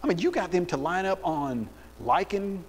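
A man preaching in a church hall, his slightly high voice trailing off into a long reverb. He tells his points as animated, sarcastic stories. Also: moderate pace, slightly rough. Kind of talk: sermon. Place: church auditorium.

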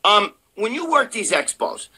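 An older man co-hosting a live show from his sister's house, telling loud, profane stories in casual chat. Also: high-pitched, unhurried, slightly rough. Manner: loud, profane, animated storyteller. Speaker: co-host of a bodybuilding live show.

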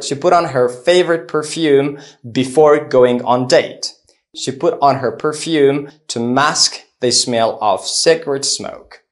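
A man narrates a language lesson at an unhurried, careful pace. His voice sits at an ordinary middle pitch, and he works steadily through definitions and strings of example sentences. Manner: slow, deliberate explanations with example lists. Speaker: English teacher.

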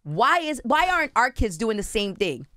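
A woman's voice: a little high, sing-song, moderate pace, fairly bright tone, no echo. A woman radio host in a studio, asking pointed, probing questions into a microphone. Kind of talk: radio interview talk. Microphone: studio mic.

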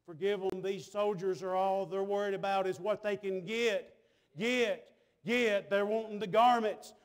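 Preacher, tenor-high voice, folksy church sermon with big swings in volume. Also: male voice, steady tone, unhurried. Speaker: pastor. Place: church sanctuary.

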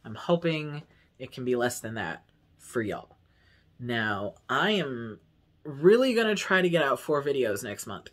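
A man vlogging straight to the camera in a loose, candid way. His voice sits in a middle pitch, and he rambles with plenty of fillers, swears freely and laughs at himself along the way. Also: sing-song, measured pace, a bit bright. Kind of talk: casual vlog talk to camera.

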